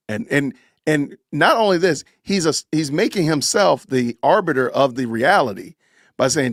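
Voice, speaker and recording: A man's voice: on the high side, animated, normal speed, no echo, studio quality. A man hosting a podcast livestream, commenting on a clip in a sarcastic, mocking way. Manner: sarcastic, mocking, laughs often. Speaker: podcast host.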